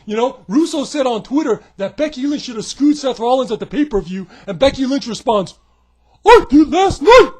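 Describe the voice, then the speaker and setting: High-pitched guy doing a snarky profane rant, yells a lot. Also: a little fast, hardly any pauses. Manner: sarcastic, profane and mocking; often breaks into shouting. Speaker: wrestling commentary vlogger. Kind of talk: comedic rant.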